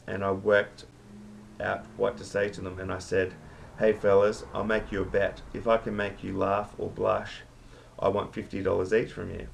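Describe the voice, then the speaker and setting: A man's voice: sits low, vocal fry, slight background noise. A man voicing a cheeky pub worker who tells stories as a joke. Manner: cheeky storytelling banter. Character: cheeky male Aussie pub worker, joker.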